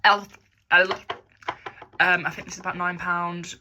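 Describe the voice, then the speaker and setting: A woman's voice: lowish voice, flat delivery, unhurried, lo-fi sound, background noise. A young woman, chatting casually through a makeup tutorial in her bedroom, rambling and poking fun at herself. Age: young adult. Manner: rambling, chatty, self-mocking. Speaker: makeup vlogger.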